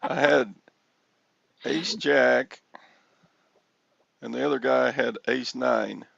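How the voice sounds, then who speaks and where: Older man, heavy vocal fry, slow unhurried talk, dull lo-fi headset sound. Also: medium pitch, dry recording. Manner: rambling storyteller, chuckling, yells excitedly when reenacting. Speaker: host. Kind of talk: casual chat. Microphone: headphones with mic.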